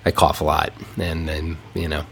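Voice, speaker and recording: A man co-hosting a podcast in casual chat, a little congested from a lingering cold, relaxed and rambling with frequent laughs. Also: extremely low pitch, moderate pace, creaky, a little hiss or hum. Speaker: podcast co-host.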